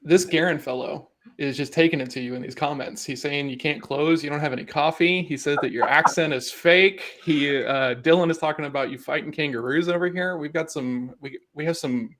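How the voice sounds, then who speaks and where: A man hosting a casual chat. He asks curious questions in a relaxed, rambling way, full of fillers. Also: fairly high pitch, fairly quick, few pauses. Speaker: host.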